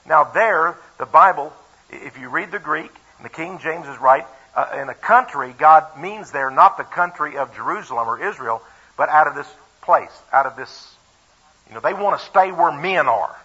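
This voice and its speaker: A man's voice: a little high, lively intonation, moderate pace, sharp tone, husky. A man preaching a sermon and retelling a Bible story in a folksy, emphatic way, with chuckles now and then. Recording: dull, lo-fi radio broadcast.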